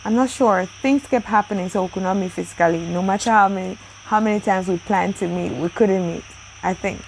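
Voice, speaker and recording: A chatty woman hosting a daily Bible reading show, talking in a loose, effusive way and often breaking into exclamations. Her voice sits at an ordinary middle pitch for a woman. Faint crickets and insects chirp quietly behind her. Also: brisk, vocal fry, slight background noise, poor audio. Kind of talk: casual chat with birthday shout-outs.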